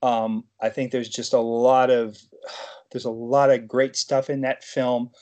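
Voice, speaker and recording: Guy on a podcast rambling thru a story, keeps cutting himself off, middle pitch. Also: flat delivery, a little slow, darkish tone, lo-fi sound. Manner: rambling, self-interrupting storyteller. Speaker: podcast guest. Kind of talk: casual interview chat.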